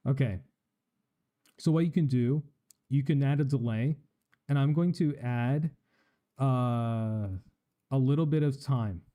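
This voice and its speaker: Man with a very dark voice explaining audio settings. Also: mid-range voice, takes it slowly, long pauses. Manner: explanatory, casual, tests mic with test phrases. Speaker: streamer. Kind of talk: live-stream tech tutorial. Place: home streaming room. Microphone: studio microphone with live effects.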